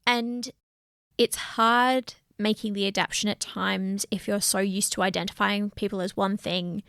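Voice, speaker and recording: A woman co-hosting a relaxed podcast, speaking earnestly and with plenty of animation. Her voice carries a gravelly, fry-laden edge. The recording is dry and close, with no room sound. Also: mid-range voice, moderate pace, no room sound. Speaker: podcast co-host. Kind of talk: casual podcast chat.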